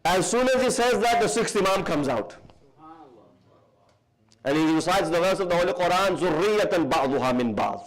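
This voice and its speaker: A man from the UK with a fairly high voice preaches a sermon in a large hall. He tells his story with lively emphasis and slows down to stress key points. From United Kingdom. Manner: lively, slows for emphasis, mixes in Arabic terms.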